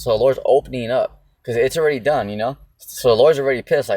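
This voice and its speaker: A man teaching the Bible in a casual, slangy way, peppering his talk with "see?" and "you know?" and slowing right down to read verses aloud. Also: mid-range voice, darkish tone. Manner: slow, drawn-out emphasis when reading scripture verses. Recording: mic at a distance with faint music behind.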